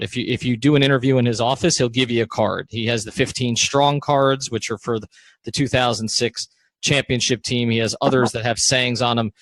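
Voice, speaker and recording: A male podcast host and sports writer giving background and asking interview questions in a measured, explanatory way. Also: mid-range voice, a bit bright, no echo. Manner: measured, explanatory, with frequent "uh" fillers.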